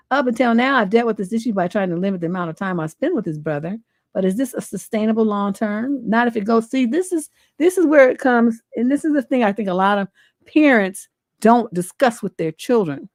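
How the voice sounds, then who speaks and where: A woman's voice: medium pitch, a little mellow, no room sound, studio quality. A middle-aged American woman hosting a relationship advice livestream, talking bluntly and emphatically and swearing freely. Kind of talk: livestream advice talk, reading a viewer letter.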